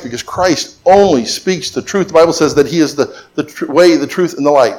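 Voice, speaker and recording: A man's voice: fairly high pitch, brisk, hardly any pauses, a little mellow. A middle-aged man preaching a sermon as pastor, mixing emphatic repetition with joking stories.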